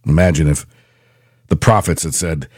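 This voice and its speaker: A middle-aged podcast host, a man with a very deep voice, telling a personal story in a loose, animated ramble. He corrects himself mid-word and keeps circling back, recorded close and dry. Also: moderate pace, breathy edge, no room sound. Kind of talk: casual monologue.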